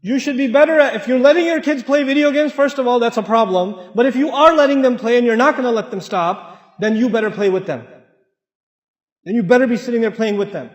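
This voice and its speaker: A man preaching a sermon in a lively way, talking straight to the congregation and acting out family quarrels in other voices. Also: extremely high pitch, fairly quick. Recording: echoey hall with long reverb.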